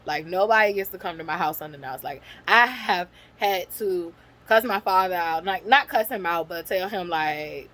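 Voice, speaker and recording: A woman vlogger telling a personal story in a casual storytime monologue, blunt, profane and animated. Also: mid-range voice, brisk, low-quality recording.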